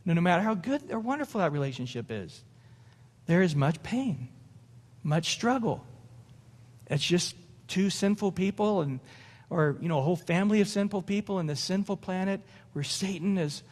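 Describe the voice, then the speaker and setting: A man's voice: high-pitched, darkish tone. A middle-aged male pastor preaching an evening sermon in a conversational way, laughing and acting out little dialogues. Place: church sanctuary. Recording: long hall reverb.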